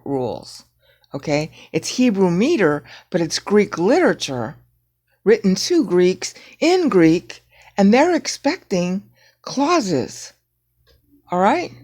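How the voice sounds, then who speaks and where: A woman teaching Bible prophecy in a rambling screen-share lecture, often checking in with "okay?" and grumbling at her software. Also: fairly low pitch. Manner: digressive, frequent "okay?" checks, irritated asides at software.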